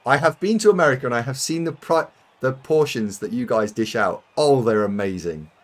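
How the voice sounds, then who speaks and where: A little fast and mid-range in pitch, this British gamer chats casually with his viewers during a live stream. He rambles, laughs frequently, and mocks himself.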